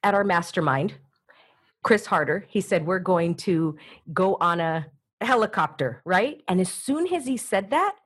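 A woman talking as an interview guest, energetic and coaching, often slipping into little acted-out voices. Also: lowish voice, unhurried, breathy edge. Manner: energetic, acts out voices in quotes. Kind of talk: animated interview talk.

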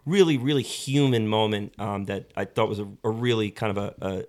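Guy on a movie podcast, kinda low voice, rambles and thinks out loud. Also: fairly quick. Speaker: podcast co-host. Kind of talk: casual movie discussion.

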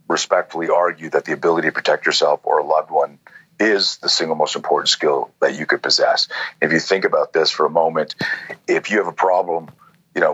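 Deep husky-voiced man in his sixties. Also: a bit bright, no echo, lo-fi sound. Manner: rambling, lots of "you know" and "like". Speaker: self-defense instructor, guest. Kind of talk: conversational storytelling.

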